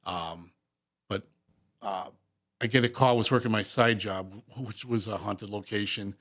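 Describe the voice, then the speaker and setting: A man, a paranormal investigator, telling a spooky story in a casual radio interview, halting and full of restarts. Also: on the low side, fairly bright tone. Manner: halting, many restarts and fillers. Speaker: paranormal investigator and police officer.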